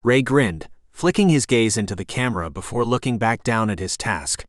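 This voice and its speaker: A man narrating an audiobook in a steady, even reading voice, close to the mic. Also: medium pitch, moderate pace, no echo. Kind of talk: scripted narration.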